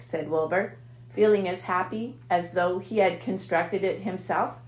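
Slow, expressive woman reading a storybook. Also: lowish voice. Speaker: narrator. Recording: echoey room.

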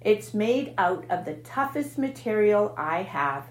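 A woman voicing a wise, weary female spider who speaks quietly and gently in a storybook reading. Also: medium pitch, big pitch swings, unhurried, echoey room. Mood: gentle. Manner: quiet and gentle, weak-voiced.

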